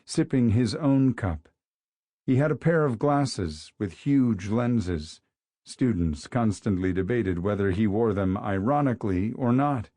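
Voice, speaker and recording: A man narrating an audiobook in a steady, even storytelling manner, recorded in a studio. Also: lowish voice, no echo. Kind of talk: scripted narration.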